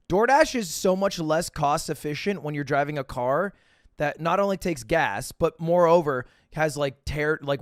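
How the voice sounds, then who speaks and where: A man's voice: a little high, no echo, clean studio sound. A young adult man giving casual, joking commentary while reacting to videos on a live stream. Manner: joking, animated, quick asides.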